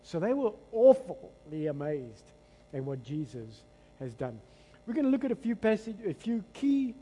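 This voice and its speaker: A South African pastor preaches with a high, slightly husky voice, drawing the congregation into call-and-response. He tells the scripture story with dramatic swings in energy. His voice rings with a long reverb through the church hall. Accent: South African English. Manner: animated, dramatic storytelling delivery.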